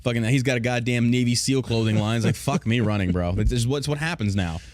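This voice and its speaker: A man's voice: medium pitch, quick pace, no room sound, studio quality. A man hosting a podcast, ranting in casual, profane, sarcastic commentary. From United States. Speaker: podcast host.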